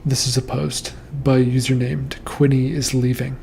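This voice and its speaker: A man hosting a show, reading nightmare posts aloud and calmly explaining what they might mean. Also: mid-range voice, vocal fry, slight background noise. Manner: calm, measured, reassuring explanations. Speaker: host reading and interpreting nightmares. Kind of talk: casual commentary on listener dream posts.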